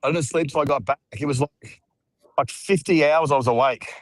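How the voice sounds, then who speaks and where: A man's voice: on the high side, brisk, no room sound, low-quality recording. Laid-back Australian man on a video call. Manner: laid-back, rambling, self-mocking. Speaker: regular guest. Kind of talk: casual video call chat. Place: outdoors, walking.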